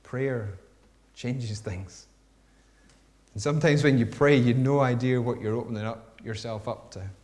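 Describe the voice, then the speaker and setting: A man preaching a sermon in a mid-range voice, reading a story aloud. His delivery is expressive, dropping to a hush and then rising to emphasis. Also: medium pitch, measured pace. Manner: expressive storytelling, swinging between hushed and emphatic.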